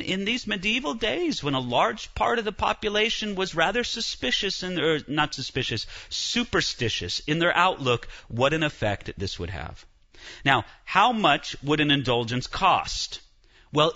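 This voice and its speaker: A man giving a church history lecture, telling it as an animated story with frequent restarts. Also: a little high, dull audio.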